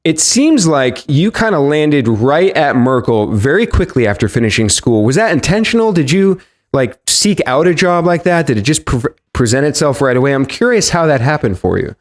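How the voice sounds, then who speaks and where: A man hosting a podcast interview, talking in an energetic, animated way. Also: a little high, moderate pace. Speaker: podcast host.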